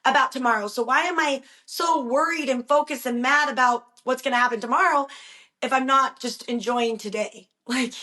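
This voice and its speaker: A young woman speaking as a podcast guest, open and heartfelt, with light laughs scattered through her talk. Her voice sits high. She talks it through in long, candid stretches. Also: normal speed, bright, forceful tone. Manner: open, emotional, laughs between thoughts. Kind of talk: emotional interview conversation.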